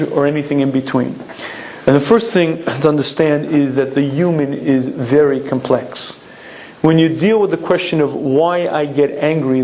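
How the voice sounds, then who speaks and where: A man giving a Torah lecture, who clears his throat often and acts out his stories with lively delivery. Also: on the high side.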